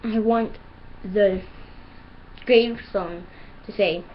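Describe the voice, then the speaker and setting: A woman's voice: mid-range voice, fairly even intonation, slow pace. Brief: earnest woman vlogger ranting, dull lo-fi recording with faint hiss. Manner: earnest, emphatic. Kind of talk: video rant.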